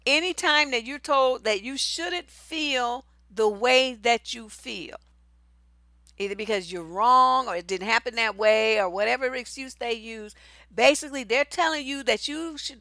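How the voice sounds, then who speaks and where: A middle-aged woman coaching on relationships, blunt and salty, swinging between storytelling and pointed advice. Her voice is bright and forceful and sits a little high. The recording is dry and close. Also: measured pace, no echo. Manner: blunt, profane, animated and conversational. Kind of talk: candid personal storytelling and advice.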